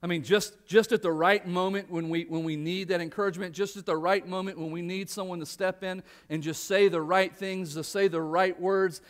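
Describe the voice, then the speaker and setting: A man preaching a sermon with a fairly high voice, talking to his congregation in an earnest, conversational way. He often repeats a word as he restarts a phrase, and then he slows into prayer. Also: steady tone. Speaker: pastor. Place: church sanctuary.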